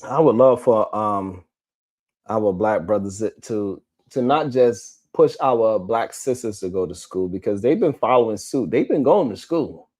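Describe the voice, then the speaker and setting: A man's voice: fairly low pitch, lively intonation, a little slow, a little mellow, husky. A man hosting a live stream, reading the chat and talking in a blunt, heated, profane way.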